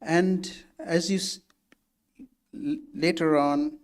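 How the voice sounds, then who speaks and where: A man's voice: on the high side, fairly even intonation, slow. Man telling stories in a spiritual lecture. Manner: conversational, acts out quoted speakers, frequent restarts. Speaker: guest speaker.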